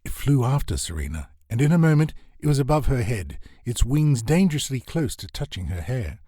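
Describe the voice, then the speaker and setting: A man narrating a comic novel as an audiobook, expressive and swinging his pitch for comic effect. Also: a little fast, slightly rough, no echo, studio quality.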